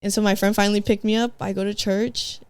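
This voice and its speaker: Woman from san diego on a podcast, smooth clear voice, super slangy, lots of like and bro, dry close sound. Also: mid-range voice, little pitch movement, quick pace, a little mellow, no room sound. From San Diego, California. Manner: slangy, full of "like" and "bro", acts out her past self; mixes in Spanish phrases. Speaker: podcast guest. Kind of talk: casual personal storytelling.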